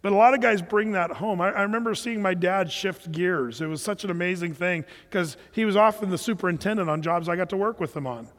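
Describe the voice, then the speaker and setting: A middle-aged pastor with a high voice tells stories from the pulpit in a loose, conversational way, often restarting his sentences. His voice carries a long reverb from a church hall. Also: fairly quick, few pauses, fairly bright tone. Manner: conversational storytelling preacher, frequent restarts. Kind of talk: sermon.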